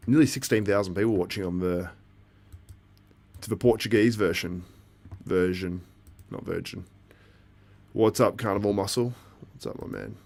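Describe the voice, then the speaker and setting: Chatty male livestream host, lowish voice. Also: vocal fry, darkish tone. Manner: chatty, reacting to the live feed and chat, laughs often. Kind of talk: casual live commentary.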